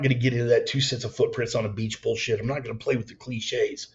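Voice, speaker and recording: A man's voice: mid-range voice, level tone, quick pace, few pauses. A man preaching a raw, profane storytelling sermon, blunt and intense. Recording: slightly dull lo-fi sound.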